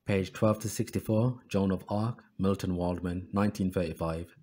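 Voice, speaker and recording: A low-pitched man speaks at a moderate pace as the host of a history channel. He reads excerpts from books in an even voice, then drops in sarcastic asides.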